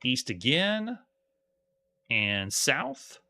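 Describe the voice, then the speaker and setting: Very slowly and with wildly swooping pitch, a man with a mid-range, pushed and bright voice plays an old adventure game on a live stream. He reads the game's text aloud and chats with his audience between commands.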